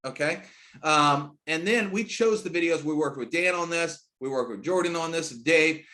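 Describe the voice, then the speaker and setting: In a screen-share sales session, a middle-aged man working as a network marketing trainer speaks with hype and emphasis. His quick stretches of speech keep leaping into loud, high-pitched bursts.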